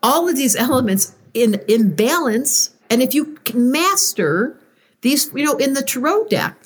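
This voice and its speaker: A woman guest in a conversational interview, expressive, acting out moods as she explains ideas. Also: measured pace. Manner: expressive, acts out moods with big pitch swings. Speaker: astrologer guest.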